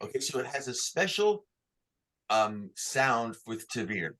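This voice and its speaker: A man's voice: medium pitch, big pitch swings, unhurried, fairly bright tone. A man teaching Torah cantillation online, patiently explaining each sign and singing short chant examples for the class to repeat.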